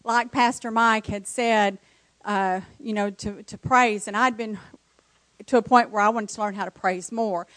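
A woman's voice: medium pitch, fairly even intonation, measured pace, a bit bright, dry recording. Woman telling a church testimony. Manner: emotional, storytelling. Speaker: church member giving testimony. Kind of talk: personal testimony.

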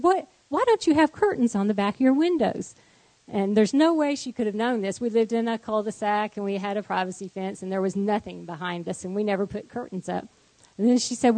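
A woman in her thirties sharing a personal faith testimony, telling it as a lively story and acting out both sides of the quoted conversations. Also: mid-range voice, dry recording, rough recording. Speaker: guest giving a testimony.

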